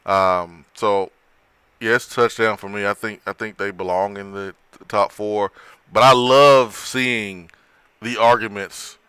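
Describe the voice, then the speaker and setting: A man's voice: lowish voice, steady tone, slow pace, pushed and bright, clean tone, no echo. A man hosting a casual sports talk show, chatting with a co-host, often repeating and restarting his words.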